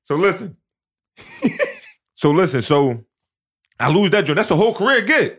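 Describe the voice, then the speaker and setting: A man's voice: high voice, big pitch swings, a bit bright. A young man telling a personal story in casual slang, repeating himself and restarting often. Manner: repetitive, halting slangy storytelling.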